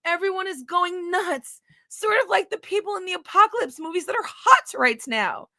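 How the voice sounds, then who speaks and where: A woman voicing a dull adult man, reading his bland text replies aloud in a mocking, flat way. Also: very high-pitched, moderate pace, no echo, studio quality, pitched above the performer's own voice, full character voice.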